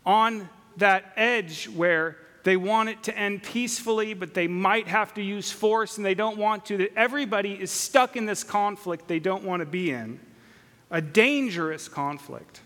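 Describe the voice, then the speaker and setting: A man pastor telling a story in a sermon, conversational with many filler pauses. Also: sits high, fairly bright tone. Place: church sanctuary. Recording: long hall reverb.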